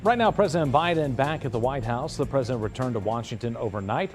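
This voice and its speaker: A man's voice: mid-range voice, expressive, quick pace, soft background music. A man anchoring morning TV news, joking and ad-libbing between stories. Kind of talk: playful morning news banter. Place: TV news studio.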